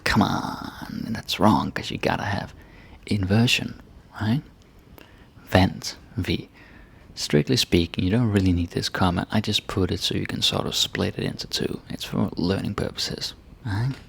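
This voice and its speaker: A man teaching a casual grammar lesson, relaxed and checking in with "right?" and "eh?" as he explains. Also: sits low, normal speed, creaky, breathy edge. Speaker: language teacher.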